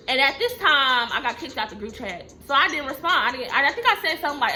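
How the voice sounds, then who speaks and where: Profane, animated young woman. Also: on the high side, fairly quick, soft background music. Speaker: vlogger telling a story. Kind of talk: casual storytime.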